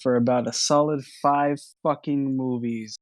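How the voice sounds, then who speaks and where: A man's voice: medium pitch, steady tone, a little slow, dry recording, clean studio sound. A young man co-hosting a podcast, chatting casually, jumping in and swearing. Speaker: podcast co-host. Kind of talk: casual chat.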